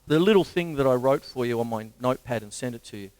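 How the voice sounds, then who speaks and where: A middle-aged Australian man giving a casual drum lesson, counting beats aloud between loud drum playing. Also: mid-range voice, lively intonation, quick pace, dry recording. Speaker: drum teacher. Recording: drum kit loud behind voice.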